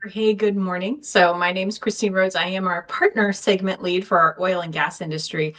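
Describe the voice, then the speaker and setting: A woman's voice: on the low side, steady tone, normal speed, fairly bright tone. A woman co-hosting a live business chat, speaking enthusiastically over a video call with frequent fillers. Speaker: co-host. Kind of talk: casual livestream chat.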